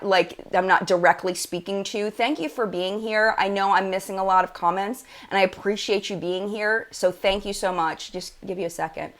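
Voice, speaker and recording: Woman, beauty livestream host, casual chat, effusive, mid pitch. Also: moderate pace, few pauses, fairly bright tone. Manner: gushing, chatty, lots of "like" and "oh my gosh". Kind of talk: casual live-stream chat.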